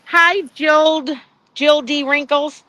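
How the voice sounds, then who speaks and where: High-pitched woman, casual live stream chat, greets viewers by name, salty language, dry close phone sound outdoors. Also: fairly even intonation, takes it slowly, pushed and bright, no room sound, dull audio. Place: outdoors at a courthouse.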